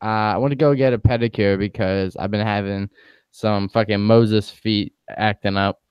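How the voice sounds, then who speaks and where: A man's voice: on the low side, steady tone, normal speed, smooth, no echo, dull audio. A young man co-hosting a podcast, telling funny stories in laid-back, joking casual banter with casual swearing. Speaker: podcast co-host.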